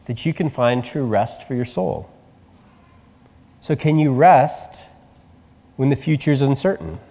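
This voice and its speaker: A man preaches a sermon, his pitch a little high and very expressive as he moves from quiet reflection to lively retelling. His voice carries a long echo through a large church hall. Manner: conversational preaching, animated retelling. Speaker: pastor.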